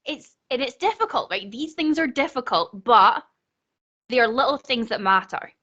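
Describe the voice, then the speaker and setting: A woman's voice: fairly high pitch, lively intonation, normal speed, bright, forceful tone, highs cut off. A Scottish woman speaking on a video call in a casual panel chat, earnest and chatty, laughing often. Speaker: conference speaker.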